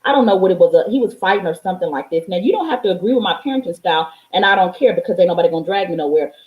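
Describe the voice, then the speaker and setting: A woman's voice: on the low side, animated, rapid-fire, roomy sound, phone-quality sound. A woman life coach and mother talking straight to her viewers in an emphatic, preachy way. She repeats lines for stress and swears freely. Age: adult, parent of a young child. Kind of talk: motivational vlog monologue.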